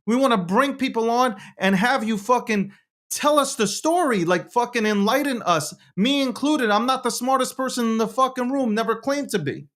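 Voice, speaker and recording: A man's voice: extremely high pitch, moderate pace, fairly bright tone. A man hosting and producing a live show, talking in a heated, repetitive way with heavy swearing.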